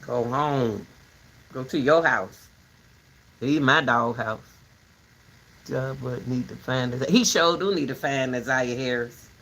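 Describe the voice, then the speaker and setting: A woman hosting a casual rambling chat, animated and talkative, turning between her dogs and her viewers. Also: a bass voice, slow, long pauses, slight background noise. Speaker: commentary channel host.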